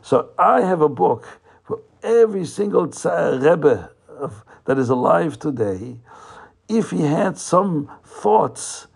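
A man voicing a sly, falsely pious male sect leader in a told story, welcoming in a high, sugary tone and boasting with smug confidence. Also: lively intonation, slow, vocal fry, breathy edge, heavily acted.

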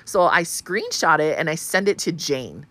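Woman, podcast host, casual and swearing, lowish voice, dry sound. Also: normal speed, no echo. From Hawaii. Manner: animated, profane, acts out quoted voices. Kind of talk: casual storytelling monologue.

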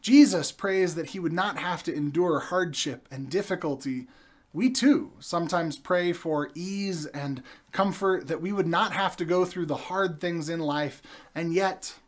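A young adult man preaching a sermon, telling stories with slow, deliberate pauses. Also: fairly high pitch.

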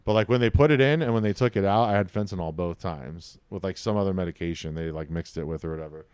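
A young man chatting casually in a slightly low, smooth voice, laid-back and loose with swear words. He drops "dude" and "bro" into almost every sentence. The sound is dry and close. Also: fast, darkish tone, dry recording. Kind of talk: casual chat.

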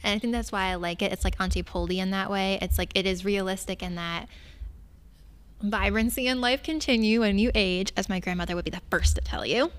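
A woman's voice: mid-range voice, a little fast, clean tone. A young adult woman, a librarian, chatting enthusiastically about books with self-mocking humor. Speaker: librarian and podcast host. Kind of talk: casual chat about books.

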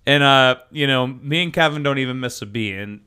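A man's voice: mid-range voice, fairly quick, sharp tone, clean tone. A man co-hosting a podcast, telling a long rambling anecdote in casual chat, full of fillers and laughter. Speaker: podcast co-host.

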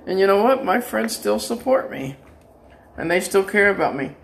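An older man with a gravelly voice delivers a rambling monologue, and it sits a little high for a man. He sounds defiant and taunting, and he keeps slipping into laughter as he goes. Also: animated, normal speed, a little hiss or hum. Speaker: vlogger.

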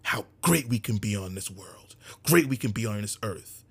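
A man's voice: fairly low pitch, animated, normal speed, vocal fry, slightly rough. A man giving an impassioned monologue to his community, fervent and repetitive, swinging between raised emphasis and near-whispers. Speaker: speaker addressing his community.

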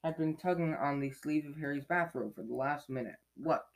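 A man's voice: fairly high pitch, a little fast, vocal fry, rough recording. A man reading a novel aloud in a casual way, stumbling, correcting himself and breaking off into chatty asides. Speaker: reader.

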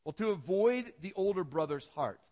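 A man's voice: high voice, expressive, normal speed, a little mellow. A male pastor preaching a sermon and retelling a parable as a vivid, dramatic storyteller.

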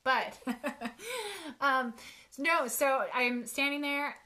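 A woman's voice: high voice, lively intonation, very slow, sharp tone. A woman author in her thirties co-hosting a casual chat, telling self-mocking stories and laughing often. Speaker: podcast co-host, author.

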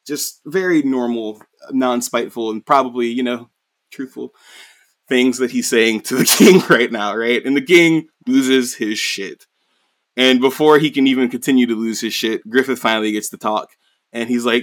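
A man's voice: mid-range voice, moderate pace, a bit bright. A man casually recapping a story, rambling with lots of fillers and swearing. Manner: profane, rambling, many fillers. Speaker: anime recap host.

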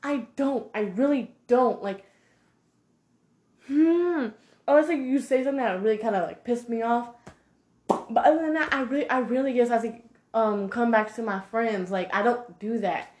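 Woman vlogger, casual heated rant, slightly high voice, echoey room. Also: moderate pace. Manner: animated, heated, heavy use of 'like'.

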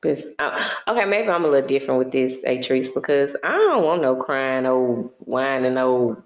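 A woman's voice: extremely low pitch, big pitch swings, moderate pace, reverberant. A woman co-hosting a podcast in casual chat, blunt and frank in her opinions. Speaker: podcast co-host.

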